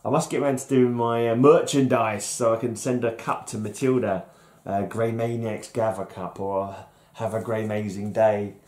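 A man's voice: on the low side, fairly even intonation, normal speed, a little mellow. Chuckling, rambling man. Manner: rambling, chuckling, self-deprecating. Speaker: vlog host. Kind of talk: casual solo vlog chat.

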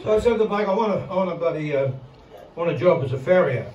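A man's voice: on the high side, expressive, fast, highs cut off, heavy background noise. A middle-aged Australian man doing crude, rambling stand-up comedy in a casino comedy room, swearing constantly and laughing at his own jokes. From Victoria, Australia. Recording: roomy live recording from a distance, loud crowd.

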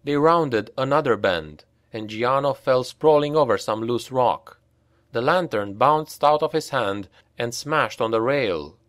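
A male audiobook narrator with a mid-range voice, telling a grim fantasy story at a slow, deliberate pace. The sound is dry and close, with no room around it. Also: mid-range voice, no room sound. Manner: unhurried, grave storytelling that lifts for shouted dialogue.

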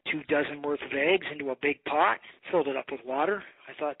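A man's voice: fairly high pitch, a little fast, hardly any pauses, slight background noise. Rambling man on a tinny phone line. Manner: rambling storyteller, swears. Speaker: bow maker. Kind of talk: casual phone conversation.

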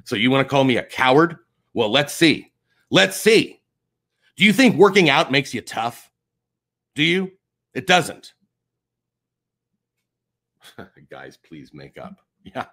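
Man, livestreamer, heated and profane, lively swinging pitch, confrontational. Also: slow pace, pauses often. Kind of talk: live stream rant.

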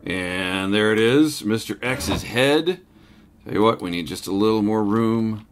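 A man casually commenting on his own gameplay as host, talking to his animals and breaking into excited shouts in big moments. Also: fairly low pitch, a little slow, noisy background. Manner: chatty, talks to his pets, bursts into excited shouts.

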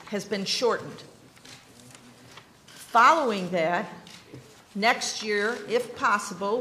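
Casual: woman at a hearing table, measured and confident, echoey room with faint hum in the back. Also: medium pitch, a bit bright. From New York. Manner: measured, explanatory, self-assured. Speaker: education commissioner testifying. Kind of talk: formal testimony at a legislative hearing.

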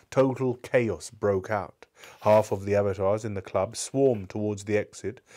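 Low-voiced man reading a novel aloud. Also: darkish tone. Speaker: book club reader. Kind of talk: live audiobook reading.

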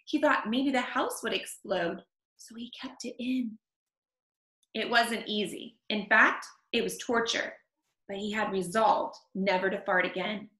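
A woman reading a picture book aloud to children, expressive, stopping to comment on the story. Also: medium pitch, measured pace. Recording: echoey room.

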